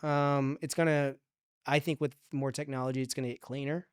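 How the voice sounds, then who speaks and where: Smooth-voiced man thinking aloud. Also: medium pitch, level tone, fairly quick, dry recording, clean studio sound. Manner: rambling, thinks aloud with frequent fillers and restarts; upbeat and forward-looking. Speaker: podcast guest, digital strategy manager. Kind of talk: casual podcast interview.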